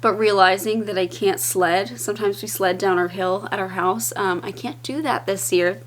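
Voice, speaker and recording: A woman's voice: mid-range voice, steady tone, moderate pace, slight background noise. Chatty woman vlogging at home. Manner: chatty, rambling, with fillers and restarts; laughs easily. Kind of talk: casual vlog chat to camera. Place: indoors at home.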